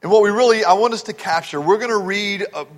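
A man's voice: sits high, fast, big-room sound. A man preaching a sermon as pastor, earnestly explaining scripture verse by verse.

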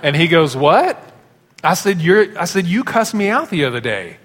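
A pastor preaching a sermon, telling stories in a conversational way. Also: male voice, on the high side, sing-song, a little fast, a bit bright, slight background noise. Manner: conversational storytelling. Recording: long hall reverb.

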